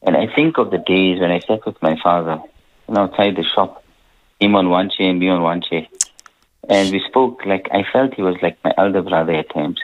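A man speaking earnestly and warmly about his father as a guest on a radio interview, with many "you know" restarts. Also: deep voice, a little fast. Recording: tinny radio phone line.

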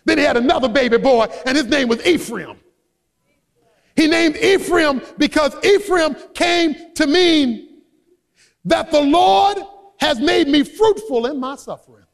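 A man with a very high voice for a man preaches a sermon. He is emphatic and builds from quiet asides to shouted high points, like a pastor working his congregation. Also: a little slow, creaky, big-room sound. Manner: emphatic preaching, swinging between soft asides and shouted peaks.

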